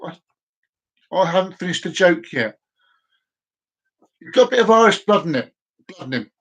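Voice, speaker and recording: A man's voice: high voice, sing-song, moderate pace, fairly bright tone, slightly rough. A man hosting a casual live stream, rambling and stumbling over words as he tells a long joke.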